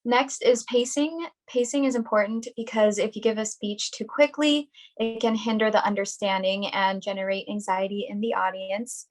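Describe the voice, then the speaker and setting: A young woman on a video call reading a prepared workshop presentation in a clear, deliberate, instructional way. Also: medium pitch, steady tone, poor audio.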